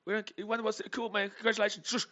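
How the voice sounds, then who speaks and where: A shrill, squealing sports fan who taunts and brags in an exaggerated way, put on by a man. The sound is bright and a little lo-fi. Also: level tone, rapid-fire. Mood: dismissive, taunting. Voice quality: high-pitched, shrill. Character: brash, squealing male sports fan, mocking.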